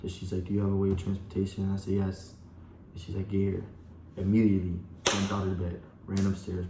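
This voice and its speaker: A man's voice: deep voice, monotone, quick pace. A young man telling a personal story to his viewers, rambling and full of "like" and "you know". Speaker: vlogger. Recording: echoey room with faint background hum.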